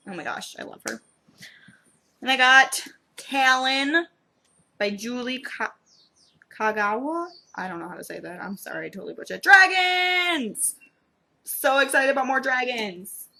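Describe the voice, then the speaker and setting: A young woman book blogger chatting excitedly in a casual vlog, gushing like a fan. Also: mid-range voice.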